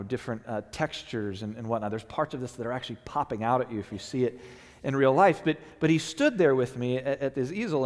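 A man preaching a sermon as a pastor, talking conversationally and acting out quotes in an animated way. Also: medium pitch, big-room sound. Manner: conversational, animated storytelling with playful acted-out quotes.

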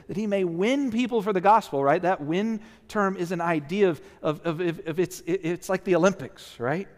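A male pastor preaching a sermon, earnest and emphatic, tired and often asking "right?". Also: fairly high pitch. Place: church sanctuary. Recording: long reverb of a church hall.

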